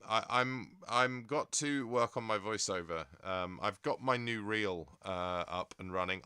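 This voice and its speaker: A man's voice: on the low side, bright, forceful tone, smooth, no room sound, studio quality. An English man hosting a stream in a casual, rambling way, reading out viewer comments and laughing often. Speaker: livestream host.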